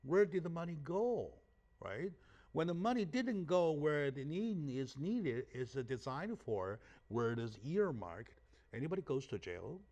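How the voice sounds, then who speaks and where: A man's voice: on the high side, sing-song, measured pace, a little mellow. Emphatic male talk show host. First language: Chinese. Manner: emphatic, asks rhetorical questions, frequent "right?". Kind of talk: animated interview talk.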